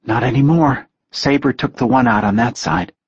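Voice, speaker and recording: A man voicing a brave young woman in a hushed, soft voice during an audiobook reading. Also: mid-range voice, normal speed, slightly rough, no echo, muffled recording, voice pushed up. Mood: urgent hush.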